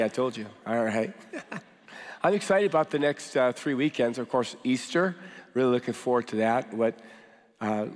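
A man with a cold, his voice deeper than usual, giving a sermon as pastor to his church with casual joking asides. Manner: joking, conversational preaching with fillers. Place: large church hall. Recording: long hall reverb.

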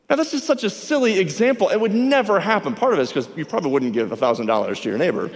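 A man preaching a sermon as a pastor, animated, acting out both sides of a conversation. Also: high voice, racing, hardly any pauses, big-room sound.

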